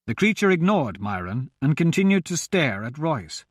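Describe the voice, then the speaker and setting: A man narrating a fantasy audiobook in a measured, expressive reading. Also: on the high side, no echo, studio quality.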